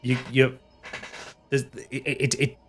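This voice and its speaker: A man narrating a tabletop game as game master, casual and halting, with frequent restarts. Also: mid-range voice, completely flat delivery, husky.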